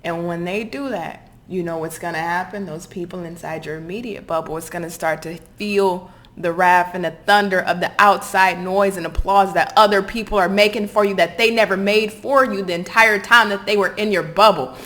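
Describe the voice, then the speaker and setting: A woman's voice: on the low side, fairly even intonation, moderate pace, few pauses, a bit bright. A woman giving a channeled pick-a-card tarot reading, talking emphatically and passionately, cursing now and then. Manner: passionate, emphatic, swears and apologizes; acts out quoted people in mocking voices. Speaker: tarot reader.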